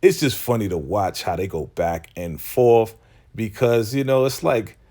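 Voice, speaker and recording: Deep-voiced man recapping a TV episode. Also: expressive, unhurried, warm tone. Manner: loose, slangy, acting out characters' lines. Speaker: TV recap YouTuber.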